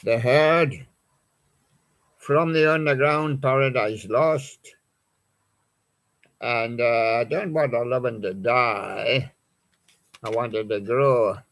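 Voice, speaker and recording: A man's voice: medium pitch, slow, creaky, long pauses, fairly bright tone. A man hosting a live music show, chatting in a rambling way and reading out song titles from his records. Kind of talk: live-stream chat presenting records.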